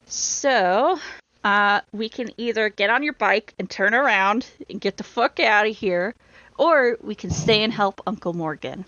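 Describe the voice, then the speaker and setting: A woman's voice: medium pitch, measured pace, sharp tone, no echo. A woman co-hosting a podcast, reading an adventure book aloud and often bursting into laughter. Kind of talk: casual read-aloud of an adventure story. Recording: dull lo-fi sound.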